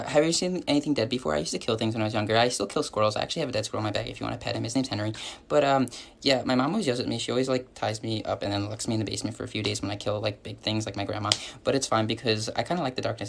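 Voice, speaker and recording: A man voicing a creepy boy who talks about killing squirrels in a rapid, mumbling, matter-of-fact way. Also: lowish voice, steady tone, gravelly, a little hiss or hum. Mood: creepy, offhand.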